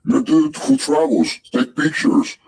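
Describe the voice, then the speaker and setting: A man's voice: on the high side, wildly swooping pitch, unhurried, gravelly, darkish tone, far from the mic, slight background noise, low-quality recording. A man calling into a live stream, ranting in a profane, rambling and insistent way. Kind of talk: casual rant.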